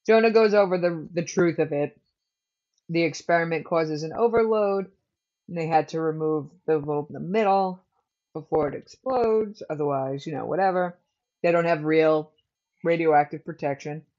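This adult woman has a low-pitched, darkish voice and speaks at normal speed while recapping a TV episode as a podcast co-host. She's chatty, jokes around, and laughs a lot, and the sound is dull lo-fi.

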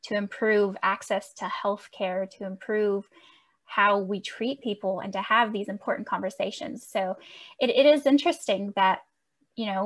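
A woman hosting a podcast interview, speaking in a thoughtful, measured way as she leads into her questions. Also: a little high. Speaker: podcast host.

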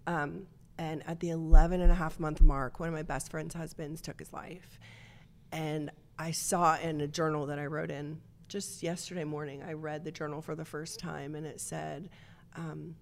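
A woman with a notably low voice tells her story as a podcast guest. She speaks earnestly and reflectively, in a conversational way. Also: flat delivery, moderate pace, creaky, a little hiss or hum. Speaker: nonprofit co-founder, guest.

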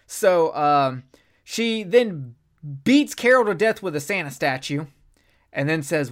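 A podcast co-host in a casual film review chat, talking in an animated, profane and rambling way. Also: medium pitch, slow pace.

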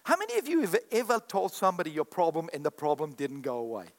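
A man's voice: on the high side, wildly swooping pitch, fast talker. A man preaching a sermon to a congregation, acting out quoted voices and calling back to the crowd. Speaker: pastor. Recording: echoey hall with long reverb.

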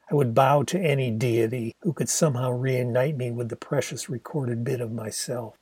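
An older man narrating his own autobiographical novel as a steady, reflective audiobook reading. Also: medium pitch, breathy edge, no echo.

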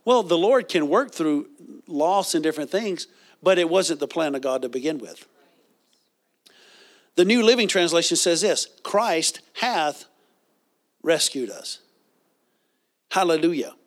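A man's voice: on the high side, animated, unhurried, long pauses. A man preaching a sermon, reading scripture and leading the congregation in call-and-response.

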